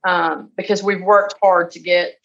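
A woman, a guest on a business podcast, talking in a chatty, animated way and acting out phone calls. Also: lowish voice, a little slow, creaky, highs cut off. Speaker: real estate investor guest. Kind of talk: conversational interview.

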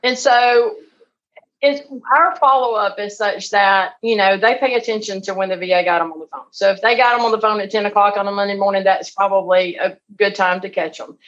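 A woman, a guest on a business podcast, talking in a chatty, animated way and acting out phone calls. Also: mid-range voice, brisk, dull audio. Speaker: real estate investor guest. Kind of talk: conversational interview.

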